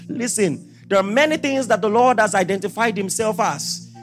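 A man preaching a sermon as pastor, asking rhetorical questions and swinging from quiet talk to shouted declarations. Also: high voice, normal speed, faint music behind.

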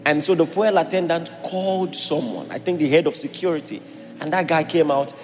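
A Nigerian man preaching a sermon as a pastor, animated and acting out voices in his stories. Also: fairly high pitch, brisk, big-room sound, faint music behind.

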